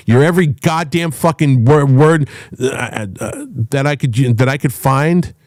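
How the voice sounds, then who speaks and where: A middle-aged man hosting a talk show, ranting with loud, profane, emphatic delivery and a voice that swings up and down. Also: fairly high pitch, a little slow, no echo, studio quality. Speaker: podcast host.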